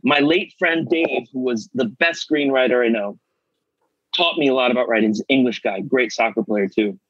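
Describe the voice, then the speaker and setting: Husky-voiced man telling stories. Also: mid-range voice, normal speed, no room sound, dull audio. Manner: animated, acts out quoted voices. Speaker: actor guest. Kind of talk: casual storytelling.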